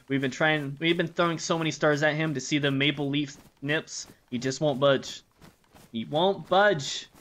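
A man's voice: mid-range voice, pushed and bright. A man from the United States, a game streamer chatting casually with his live chat while he plays, joking and rambling.

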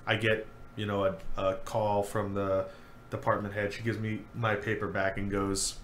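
A man's voice: fairly low pitch, moderate pace. A young man co-hosting a podcast, telling a school story in casual chat and acting out the quoted lines with a lot of energy. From New York. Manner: animated storyteller who acts out quoted lines. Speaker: podcast co-host. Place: home room. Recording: echoey room with faint ambient noise.

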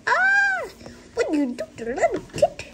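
A woman acting out a family pretend play, moving between soft whispers and excited high calls. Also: fast talker, heavy background noise.

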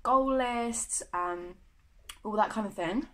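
A woman's voice: on the high side, takes it slowly, slight background noise, poor audio. A young woman from the UK chatting to camera in a vlog, gushing and full of fillers. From United Kingdom. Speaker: vlogger. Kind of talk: casual chat to camera.

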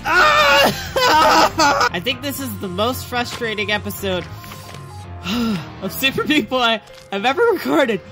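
A man's voice: very high voice, measured pace, loud music behind the voice. A young man giving let's play commentary, yelping and screaming in frustration between self-mocking rants. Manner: excitable, frequent yelps and frustrated screams. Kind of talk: gameplay commentary.

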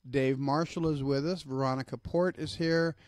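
A man's voice: on the high side, steady tone, moderate pace. Chatty Southern-accented man. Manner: chatty and upbeat, laughs easily, lists greetings to viewers. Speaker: host of an online book-reading broadcast. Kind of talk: casual live-stream talk.

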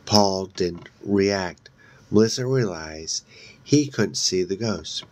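A man's voice: deep voice, lively intonation, a little mellow, no room sound. A man reading a horror novel aloud in a casual way, with slips and restarts along the way. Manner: reads slowly, with slips and restarts. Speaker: audiobook reader. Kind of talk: casual read-aloud narration.

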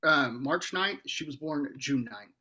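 Man, podcast guest, higher bright voice, outspoken, lots of swearing. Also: measured pace, husky. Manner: outspoken, profane, animated. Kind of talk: casual chat.

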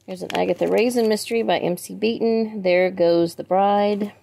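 A book vlogger with a mid-range, gravelly, mellow voice talks at a moderate pace with fairly even intonation, over a little hiss or hum. Chatting casually as she unboxes books, she reads out titles and asks viewers for pronunciation help in friendly asides.

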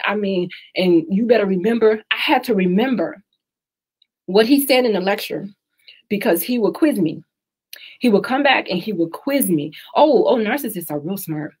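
Husky woman hosting frank radio talk. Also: mid-range voice, a little mellow. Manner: candid, emphatic, repeats advice for stress. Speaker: talk show host. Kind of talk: casual live radio talk.

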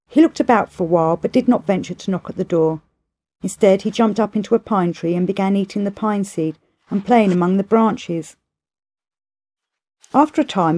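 A woman reading a classic novel aloud as steady, measured storybook narration. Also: mid-range voice. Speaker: audiobook reader.

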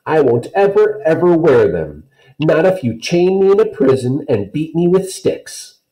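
A man voicing a stubborn, sulky little girl in a storybook reading, with loud, shrill outbursts. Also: big pitch swings, a little slow, roomy sound, poor audio. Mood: furious.

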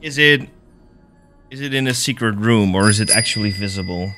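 A man's voice: fairly low pitch, normal speed, over music. A man streaming a game, casually commentating in a playful, self-mocking way with swearing.

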